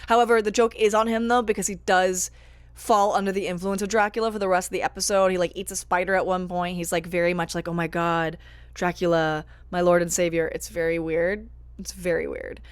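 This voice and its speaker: A young woman talks through her notes on a series in a loose, animated vlog style, quick to apologize and laugh at herself. Her voice sits at an ordinary middle pitch. The recording is dry and close, with almost no room echo. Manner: chatty, animated, self-deprecating. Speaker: TV show reviewer. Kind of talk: casual vlog commentary.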